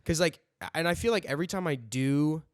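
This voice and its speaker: A man's voice: a little high, brisk, no echo. A man in his twenties co-hosting a podcast in casual, rambling chat, swearing and trailing off. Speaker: podcast co-host.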